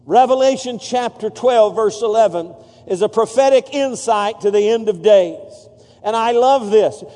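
A pastor whose voice sits high and sounds mellow leads a call-and-response sermon, urging his congregation to respond and echo his words. The church sanctuary's large space gives the recording a long reverb.

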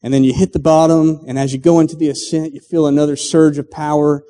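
Preaching with a quick pace, a middle-aged pastor tells a story filled with acted quotes and halting restarts. His fairly high voice is warm and level in tone, recorded with long hall reverb.

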